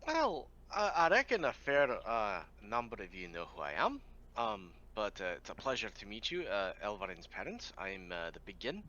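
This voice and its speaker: Folksy male player, bright and animated, muffled lo-fi line with faint hiss. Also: on the low side, normal speed. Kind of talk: in-character chat in a tabletop game. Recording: dull lo-fi online call with faint noise.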